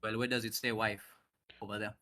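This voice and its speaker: A man's voice: lowish voice, little pitch movement, a little fast, pushed and bright. A man calling into a heated religious debate, insistent, demanding proof and reading verses aloud.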